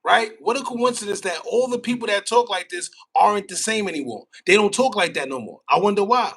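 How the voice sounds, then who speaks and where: A man's voice: high voice, lively intonation, fairly quick, a bit bright, husky, poor audio. A man hosting a casual commentary show, talking in a wry, conspiratorial way and tossing out rhetorical questions. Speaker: podcast host.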